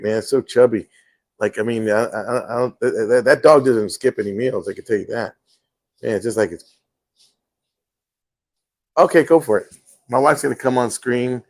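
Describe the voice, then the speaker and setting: A man's voice: on the low side, darkish tone. A man hosting a casual livestream from home, telling stories with many fillers. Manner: rambling storyteller, many fillers. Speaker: host.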